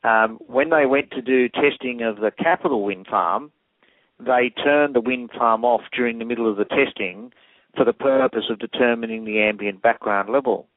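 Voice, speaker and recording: A man's voice: medium pitch, normal speed, dry recording. A man, an acoustic engineer explaining technical details methodically in an interview. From Australia. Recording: tinny phone line.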